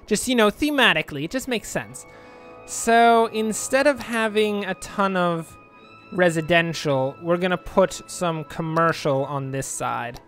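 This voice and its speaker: A man's voice: high voice, lively intonation, measured pace, fairly bright tone, faint music behind. A man giving casual, rambling commentary over a city-building game, with self-mocking asides. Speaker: let's play gamer.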